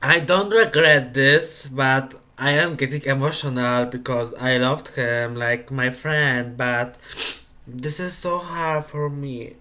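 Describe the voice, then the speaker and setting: A tearful man speaks slowly in halting. His voice is bright, and his words come in an emotional, faltering confessional. He sounds on the edge of crying throughout. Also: medium pitch. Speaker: game player.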